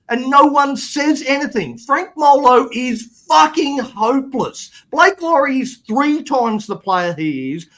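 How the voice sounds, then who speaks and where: A man co-hosting a fan podcast, his voice sitting fairly high for a man. He rants bluntly and swears freely, worked up and annoyed at his team. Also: a bit bright. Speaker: podcast co-host. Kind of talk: casual fan panel chat.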